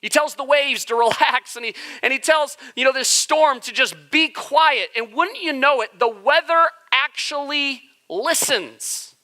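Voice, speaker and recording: Animated, bright-voiced male pastor. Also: extremely high pitch, normal speed, few pauses. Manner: joking, conversational, animated. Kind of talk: casual sermon. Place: church sanctuary.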